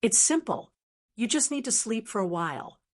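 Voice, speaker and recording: A woman voicing a composed young male master who speaks calmly with faint mockery. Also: on the high side, moderate pace. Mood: calm mocking. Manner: calm and faintly mocking. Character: calm, mocking young male master in white.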